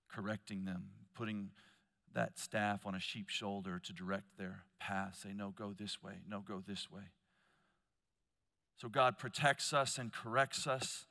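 Lively preacher in a reverberant hall. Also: male voice. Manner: storytelling, swings between loud emphasis and hushed low asides. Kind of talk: conference sermon.

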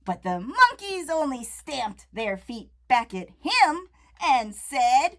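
A woman reading a picture book aloud to children, playful and animated, turning to the kids with questions as she goes. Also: fairly high pitch, slow pace. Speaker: storyteller.

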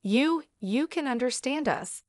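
A woman's voice: medium pitch, big pitch swings, a little slow, dry recording, clean studio sound. A woman voicing a deceitful husband who has been caught out and stammers and pleads. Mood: pleading.

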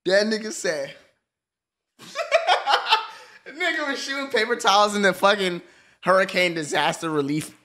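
A man's voice: high voice, expressive, moderate pace, pauses often, sharp tone. A man streaming live who reacts with crude, profane commentary.

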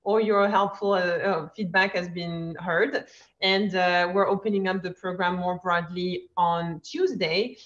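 A woman's voice: on the low side, steady tone, unhurried, a bit bright. A woman presenting a product update on a video call, hesitant with many fillers. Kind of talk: virtual conference update. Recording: dull lo-fi video call audio.

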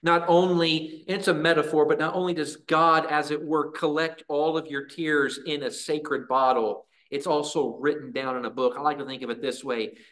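Earnest church preacher guy, a bit high-pitched, slow dramatic pauses. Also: fairly even intonation, a bit bright. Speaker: pastor. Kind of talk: sermon.

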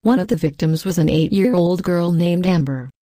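A woman with a fairly low, dark, mellow voice reads a first-person ghost story in a measured, even way, and reads the quoted lines herself. The recording is close and dry, with no room sound. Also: no echo. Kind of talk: scripted ghost story narration.

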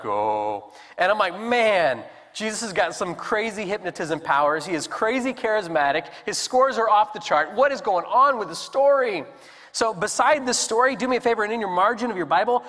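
A man preaching a sermon as pastor, telling the story with animated voices for the characters. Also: high voice, a little fast. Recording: long hall reverb.

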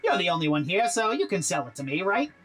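A slick, scheming robot crook for a game, breezy and self-assured as he spins his schemes. His voice rides up and down with lively, animated swings in pitch. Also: fast, background noise. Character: smooth-talking crooked robot businessman, scheming. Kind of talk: game character dialogue.

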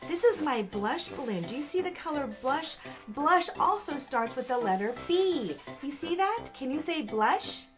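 A woman hosting a children's show, talking excitedly to small children with lots of gasps and a sing-song delivery. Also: sits high. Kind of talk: children's program presenting. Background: background music.

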